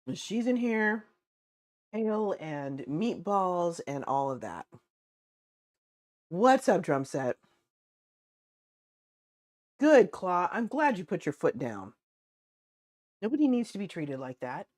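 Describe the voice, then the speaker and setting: Chatty woman streamer with a lively voice. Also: on the low side, takes it slowly, long pauses. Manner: chatty, reads chat aloud, laughs often. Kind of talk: casual livestream chat while eating.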